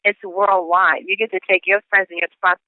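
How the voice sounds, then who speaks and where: Guy hosting a phone call, smooth clear voice, pretty high, tinny line. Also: little pitch movement, moderate pace, dry recording. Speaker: call host.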